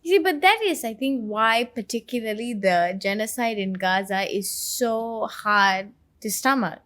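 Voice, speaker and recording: A woman's voice: on the high side, a little slow, a bit bright, no echo. A woman speaking in a heartfelt way during a reflective conversation, telling stories.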